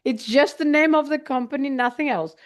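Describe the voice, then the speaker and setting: A woman's voice: high voice, fairly quick. A woman teaching a language online, patiently repeating and spelling out words, with frequent hesitant fillers.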